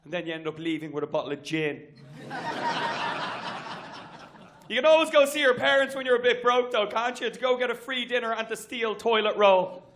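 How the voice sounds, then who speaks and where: Irish male stand-up, very high voice, quick crowd work, stage mic in a comedy venue. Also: lively intonation, fairly bright tone. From Ireland. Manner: brisk, chatty, works the crowd with asides. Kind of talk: stand-up set.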